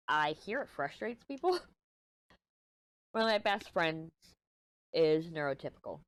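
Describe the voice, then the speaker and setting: A woman's voice: lowish voice, a bit bright. A middle-aged woman from Texas with a Texan accent, chatting casually while she crafts. She rambles from topic to topic, swears offhandedly, and sounds a little stuffy. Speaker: craft vlogger.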